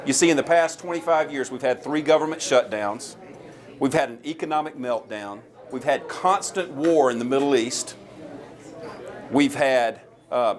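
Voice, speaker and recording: A man in his forties speaks with a Southern American drawl. He gives a campaign stump speech in a folksy, storytelling way, pitched in a plain middle register. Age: 40s. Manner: folksy, earnest storytelling with a crowd-rousing push. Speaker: presidential candidate.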